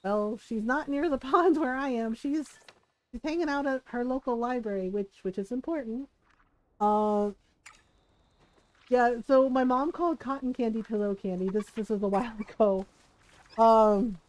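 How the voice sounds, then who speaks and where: A woman's voice: a little high, a little mellow, low-quality recording. A middle-aged woman livestreamer in casual, giggly chat while gaming, telling stories with many fillers.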